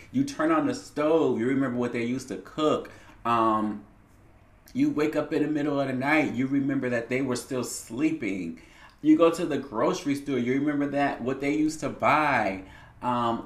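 A man hosting a casual solo podcast, speaking in a candid, reflective way with a lot of swearing. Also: medium pitch. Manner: candid and heavily profane, reflective. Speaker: podcast host. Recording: roomy echo.

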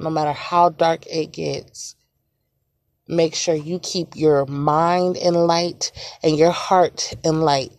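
A woman in her twenties gives an emotional motivational monologue to viewers, earnest and repetitive, often soft and quiet. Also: deep voice, creaky, no echo, studio quality. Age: 20s. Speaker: vlogger.

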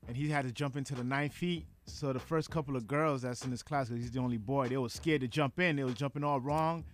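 A man's voice: medium pitch, fairly even intonation, fast, slight background noise. A man co-hosting a morning radio show, reading news and weather and joking in casual chat.

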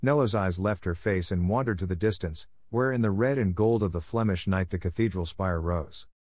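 A man narrates a classic novel in a measured, gentle reading. His voice sits low. The recording is dry and close, with no room sound. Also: no echo. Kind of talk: scripted storybook narration.

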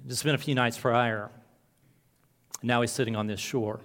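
A male pastor preaching a sermon earnestly, moving between soft, slow passages and emphatic lines. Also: mid-range voice, steady tone.

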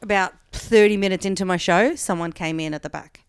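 A woman's voice: mid-range voice, a little fast, clean tone, no room sound, clean studio sound. A woman comedian telling a long story in casual chat, full of "like" and acting out the quoted lines. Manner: chatty, peppered with "like", acts out quoted dialogue.

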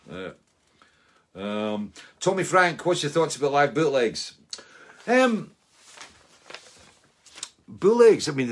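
A Scottish man in his sixties with a husky, low voice, hosting a fan Q&A show. His casual talk wanders, full of fillers and side remarks. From Scotland. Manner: loose and chatty, full of fillers and asides. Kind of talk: casual rambling chat.

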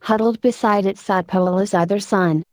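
A woman narrating a story in a steady, even storytelling manner. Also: mid-range voice, normal speed, dry recording, studio quality. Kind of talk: audiobook narration.

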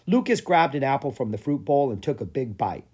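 A storybook reader narrating a children's fantasy tale with lively, animated expression. The voice is mellow and a little husky, rising and falling freely. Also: medium pitch, fairly quick. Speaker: audiobook reader. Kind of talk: children's storybook read-aloud.

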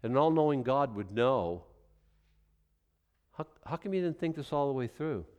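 A male pastor delivers a sermon in a rambling, conversational style, breaking off into stories and acted-out scenes. His voice is smooth and resonant, pitched in the middle range. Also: lively intonation, normal speed, darkish tone, highs cut off.

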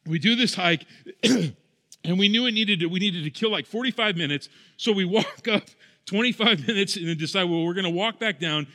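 A young man gives a sermon from the pulpit, telling stories in a relaxed, self-mocking way. His voice sits high and sounds bright and forceful. A long hall reverb hangs behind every phrase. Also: moderate pace. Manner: conversational, self-deprecating storytelling. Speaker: pastor. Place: church sanctuary.

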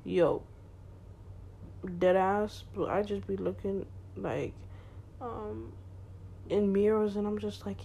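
A woman's voice: medium pitch, flat delivery, takes it slowly, gravelly, long pauses, dark tone, lo-fi sound, a little hiss or hum. A teenage girl hosting her own podcast, talking candidly in a slangy, chatty way with lots of fillers. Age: teens. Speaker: podcast host. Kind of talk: casual solo podcast chat.

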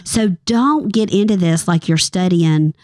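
A woman's voice: lowish voice, a little slow, darkish tone, no room sound, studio quality. A woman giving an earnest, emphatic devotional Bible talk. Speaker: Bible teacher.

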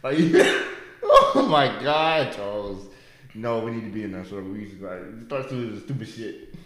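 A male podcast co-host chatting casually in heavy slang, cursing freely and breaking into laughter as he builds each joke. His pitch swings widely from line to line. The room around him is noticeably echoey. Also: wildly swooping pitch, unhurried, fairly bright tone. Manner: laughs a lot while telling jokes; profane and slangy. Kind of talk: casual chat.

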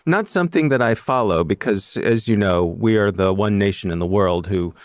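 A man's voice: lowish voice, normal speed, dry recording, clean studio sound. A man hosting a podcast, chatting casually in a playful, self-mocking way. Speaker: podcast host.

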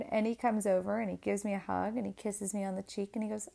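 A woman in her twenties, a single mother, telling a personal story candidly and with feeling, her voice climbing higher and louder whenever she gets worked up. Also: brisk, gravelly, few pauses. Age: 20s. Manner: candid and animated, rising in pitch and loudness when upset, many restarts. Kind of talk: emotional personal storytelling to camera.

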